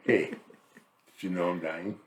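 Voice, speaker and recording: A middle-aged man who is weak and gets winded quickly, making dry, teasing jokes in casual chat. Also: deep voice, steady tone, echoey room. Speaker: husband sharing an illness update.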